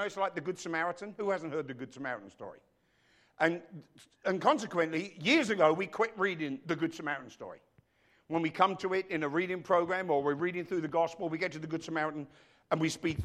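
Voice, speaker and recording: A man preaching a sermon in church as the pastor, emphatic, dropping to a hush and rising to loud, speaking straight to his congregation. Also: on the high side. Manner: emphatic, swinging between hushed and loud; addresses the congregation directly.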